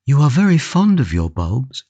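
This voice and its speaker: A man voicing a gentle, devoted young woman in an audiobook, in a softly pleading, eager manner. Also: medium pitch, wildly swooping pitch, normal speed, dry recording, highs cut off, voice pushed up. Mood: earnest. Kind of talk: audiobook character reading.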